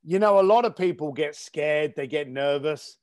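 This middle-aged East Londoner, an entrepreneur and author appearing as a guest, speaks at a normal speed in a slightly high, somewhat mellow voice. He relates stories in a casual interview, blunt and emphatic.

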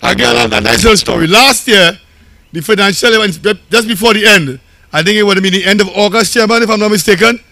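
A man's voice: high voice, a little fast, creaky, pushed and bright, dry recording. A Trinidadian man, a local council chairman, giving a campaign rally speech in a conversational, storytelling way that often repeats phrases.

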